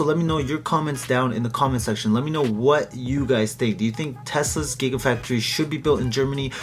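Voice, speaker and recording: A man from Canada giving casual commentary on a news article, talking to his viewers in a chatty way. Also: medium pitch. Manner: chatty, asks viewers to like and subscribe. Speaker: YouTube commentator.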